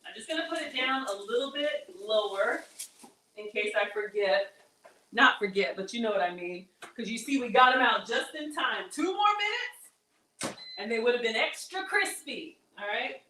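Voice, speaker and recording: A woman's voice: on the high side, moderate pace, sharp tone, slight background noise, poor audio. A woman hosting a casual cooking livestream, chatting with her viewers as she cooks and flustered as she keeps telling herself to focus. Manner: chatty, talks to viewers as y'all. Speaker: cooking show host.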